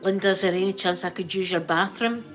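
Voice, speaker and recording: An odd, pushy man at the door asks strange questions in a flat, matter-of-fact way, quoted by a Scottish woman in her own voice. The pitch sits mid-range. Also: quick pace, soft background music, close to an everyday voice. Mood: asking. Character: creepy male postman, pushy and odd.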